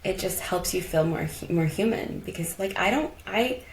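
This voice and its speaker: A woman's voice: lowish voice, normal speed, slight background noise. A woman from Colorado, a podcast guest, telling personal stories in a reflective, heartfelt way with lots of casual fillers. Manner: reflective, heartfelt, many "like" and "you know" fillers. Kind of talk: casual conversational storytelling. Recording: echoey room.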